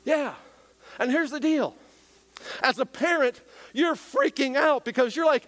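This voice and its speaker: A man preaching a sermon in an animated way, often questioning the congregation. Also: very high-pitched, measured pace, pauses often. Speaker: pastor.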